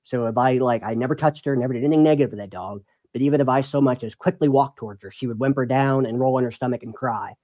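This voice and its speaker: A man's voice: mid-range voice, quick pace, few pauses, mellow. A man on a debate panel speaking in a matter-of-fact, detached way.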